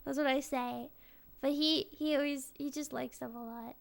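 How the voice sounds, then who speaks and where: A young woman talks in a loose, rambling way, often cutting her sentences off and starting them again. She swears freely. Her voice sits high. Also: steady tone, normal speed, gravelly. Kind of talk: casual chat.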